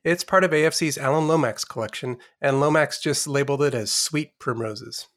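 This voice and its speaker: A man's voice: mid-range voice, a little fast, fairly bright tone. A male co-host who talks conversationally and introduces each song. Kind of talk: casual podcast talk.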